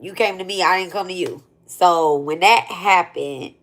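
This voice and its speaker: A woman's voice: fairly low pitch, unhurried, fairly bright tone. A woman telling a personal story in a blunt, profane, rambling way, as a spiritual content creator talking to her viewers. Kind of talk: casual storytelling rant.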